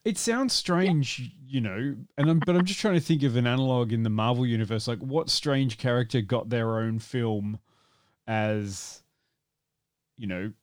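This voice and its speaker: A man's voice: medium pitch, a little slow. A man co-hosting a casual movie podcast, rambling, with many restarts and fillers and some swearing. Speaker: podcast co-host.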